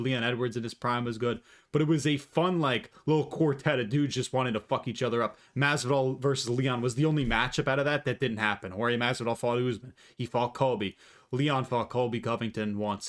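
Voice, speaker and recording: A man talking casually and profanely through his predictions, rambling and opinionated, on a desk mic. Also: mid-range voice. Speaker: MMA commentator vlogger.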